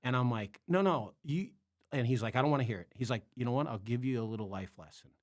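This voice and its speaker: A man from the Chicago area, a podcast guest, telling a story in casual chat. He is animated, acts out the voices of the people he quotes and swears freely. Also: medium pitch, rapid-fire, no echo, studio quality. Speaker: podcast guest, comedy club bartender.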